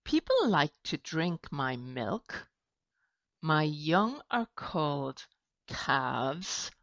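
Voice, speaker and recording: A woman teacher talking slowly and clearly to young children in a sing-song way, with animal noises. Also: low voice, huge pitch swings, fairly bright tone, no echo. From Ireland. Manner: slow, sing-song, with animal sound effects. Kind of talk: slow children's lesson. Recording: dull lo-fi, dry.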